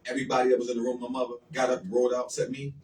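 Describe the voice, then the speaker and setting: Brief: man, fast-talking radio guest, earnest and heartfelt storyteller, roomy sound off the mic. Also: medium pitch, completely flat delivery, darkish tone. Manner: earnest, emotional storytelling with repetitions. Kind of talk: casual radio talk. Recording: roomy sound from far off the mic with faint noise.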